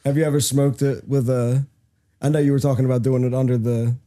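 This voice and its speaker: A man hosting a casual chat, asking relaxed, joking questions. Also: medium pitch, fast talker. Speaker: host. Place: cannabis company campus studio.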